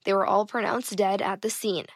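A woman anchoring a radio newscast in a measured, formal delivery. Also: medium pitch, steady tone, no echo, clean studio sound. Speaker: news anchor. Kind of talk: news reading. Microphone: studio mic.

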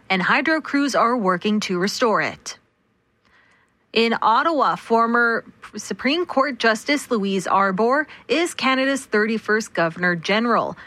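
Bright-voiced woman reading radio news. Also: mid-range voice, no room sound. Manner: brisk, measured news delivery. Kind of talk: read newscast. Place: radio studio. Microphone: close studio mic.

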